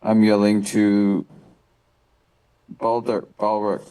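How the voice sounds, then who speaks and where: A man plays in a tabletop game with a low, mellow voice, slow and unhurried. He plainly describes what his character does step by step. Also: completely flat delivery, clean tone, rough recording. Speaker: player.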